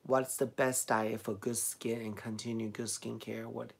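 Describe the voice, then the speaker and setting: A man's voice: mid-range voice, level tone, unhurried, slightly rough. A middle-aged man with a Chinese accent, chatting casually on a live stream, reading out and answering viewer comments and laughing often. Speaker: beauty vlogger answering live chat.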